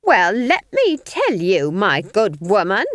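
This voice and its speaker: A woman's voice: mid-range voice, huge pitch swings, slow pace, a bit bright, dry recording, pitched above the performer's own voice, heavily acted. Woman doing a sneery old witch, swoops way up and down, dry close sound. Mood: sneering. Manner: defensive, sneering, breaks into shrieks. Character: earthy, bawdy old female witch.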